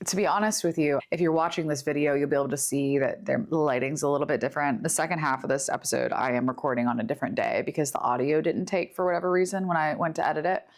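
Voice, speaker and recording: A young woman in her twenties hosting a podcast, talking through grief in an earnest, confiding, unhurried personal monologue. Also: sits low. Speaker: podcast host. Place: home studio. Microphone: studio setup with camera.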